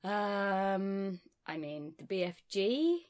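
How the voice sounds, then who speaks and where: A woman's voice: medium pitch, very animated, extremely slow, a little mellow. A woman co-hosting a comedy podcast, tossing out playful, absurd questions with a dry delivery. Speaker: podcast co-host. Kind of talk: improvised comedy podcast banter.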